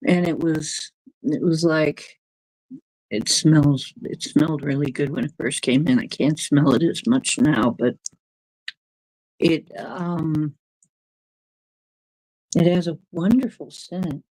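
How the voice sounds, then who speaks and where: A woman with a low voice hosts a relaxed livestream, drifting loosely between thoughts and picking up viewers' comments as she goes. She takes her time over every phrase. The sound is close and dry, with no room echo. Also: takes it slowly, pauses often. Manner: rambling, drifting, reacting to chat comments. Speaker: livestream host reading chat. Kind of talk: casual livestream chat.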